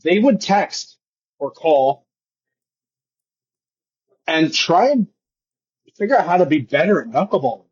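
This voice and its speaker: A man co-hosting a podcast, talking baseball in quick, jokey, profane banter. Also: on the high side, expressive, husky. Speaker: podcast co-host. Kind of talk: casual sports chat. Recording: dull lo-fi sound.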